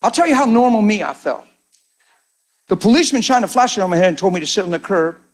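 A middle-aged man preaching a testimony as a story, animated, acting out the people in it and dropping to hushed tones. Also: high voice, fast.

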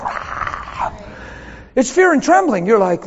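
A man preaching a sermon as a pastor, telling a story in an animated way with laughs along the way. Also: high voice, a little slow, slightly rough, in a large hall, dull audio.

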